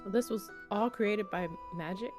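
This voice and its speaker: Woman player, mid-pitched, curious questions, clear music behind. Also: moderate pace, darkish tone. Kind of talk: casual in-character play.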